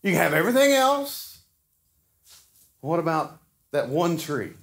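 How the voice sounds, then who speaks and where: A man's voice: a little high, sing-song, a little slow, creaky. A man, preaching a sermon to his church in a folksy, conversational way with frequent restarts. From Arkansas. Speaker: pastor. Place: church sanctuary.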